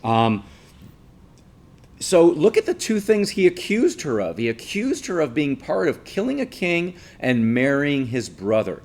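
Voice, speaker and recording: A man's voice: a little high, very animated, unhurried, a little mellow. A male teacher giving a casual classroom lecture, explaining patiently and checking in with listeners by asking 'right?'.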